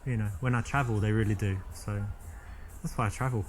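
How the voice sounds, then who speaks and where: A man's voice: on the low side, fairly even intonation, brisk, soft background music, close to an everyday voice. A man playing a cocky British flirt. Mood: boastful. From England. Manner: boastful, teasing, rambling.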